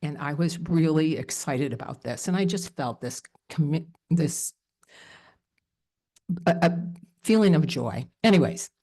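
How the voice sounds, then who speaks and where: A woman shares a personal story at a live storytelling event. Her voice sits low and sounds mellow and warm. She tells it in an animated, emotional way, full of fillers. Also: a little slow.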